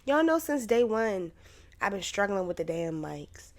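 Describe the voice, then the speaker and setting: Still hoarse from covid, a young podcast host talks on her own show in a relaxed, chatty style with casual swearing. Her medium-pitched voice swings widely in pitch and runs a little slow.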